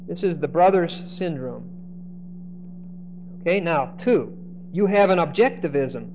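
A high-pitched male preacher teaching through a passage verse by verse. He acts out what the people in the story say and stumbles over repeated words as he starts a thought. The recording is muffled and lo-fi, with a faint hiss behind him. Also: a little slow. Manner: animated, acts out quoted speech, repeats words when starting. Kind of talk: expository Bible teaching.

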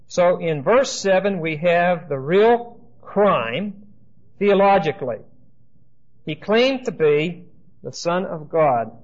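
A man's voice: fairly high pitch, dull audio. A man preaching a sermon with emphasis and dry humor, speaking straight to his listeners.

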